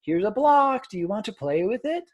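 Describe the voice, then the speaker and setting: A man demonstrating baby talk, cooing to an imagined infant in a high, slow, exaggerated sing-song voice. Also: big pitch swings, highs cut off.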